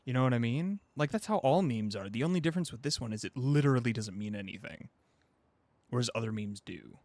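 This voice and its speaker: A man co-hosting a casual podcast chat with friends, explaining things at length in an animated way and laughing often. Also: mid-range voice, quick pace, no echo. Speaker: podcast co-host.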